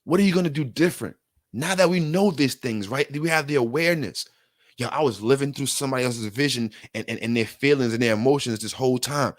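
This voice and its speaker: This studio-quality recording, free of room sound, features a man with a mid-range voice speaking fast. Earnest and repetitive, he delivers a self-help motivational talk straight to the listener in casual slang, growing worked up as he goes.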